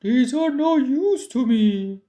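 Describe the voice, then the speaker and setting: A woman's voice: animated, takes it slowly. Woman doing a timid hungry troll. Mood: eager. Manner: loud, high, strained voice.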